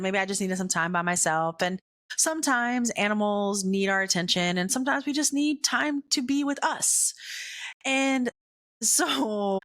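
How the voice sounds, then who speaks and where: A woman with a mid-range voice hosts a faith podcast, telling a personal story in a casual monologue. She's chatty and animated, peppering it with "right?" and "like," and goes hushed when recounting the scary moments.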